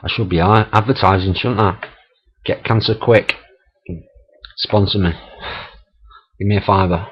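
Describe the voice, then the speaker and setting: A man's voice: lowish voice, steady tone, measured pace, long pauses, breathy edge. A middle-aged man, telling stories in a chatty, laughing, swearing vlog monologue. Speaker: vlogger. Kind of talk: casual storytelling monologue. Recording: dull lo-fi camera audio.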